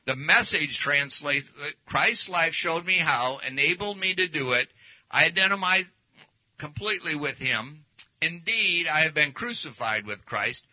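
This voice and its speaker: A man's voice: fairly high pitch, animated, unhurried. A man preaching a casual teaching sermon, folksy and anecdotal, talking through slides as he goes. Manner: folksy, anecdotal, speaks while showing slides. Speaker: pastor. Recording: dull lo-fi recording.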